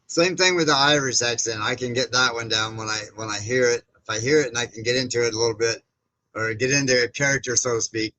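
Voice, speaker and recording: A man hosts a casual livestream with a bright, forceful voice. He rambles with plenty of fillers and restarts, reading chat comments and greeting viewers by name. His tone stays friendly and informal throughout. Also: medium pitch, fairly even intonation, fast talker, low-quality recording. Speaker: livestream host. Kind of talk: casual live-stream chat.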